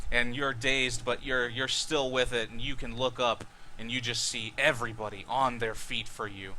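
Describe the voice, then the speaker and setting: A man's voice: mid-range voice, steady tone, normal speed, bright, forceful tone. A man narrating a tabletop game as dungeon master with vivid, rambling play-by-play.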